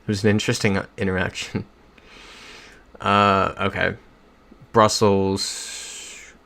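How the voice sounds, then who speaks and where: Young male streamer with a low, gravelly voice, chatty and rambling between game rounds. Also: level tone, slow pace, fairly bright tone. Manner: rambling storyteller who reads chat comments aloud. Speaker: livestreamer. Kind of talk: casual chat while playing a geography game.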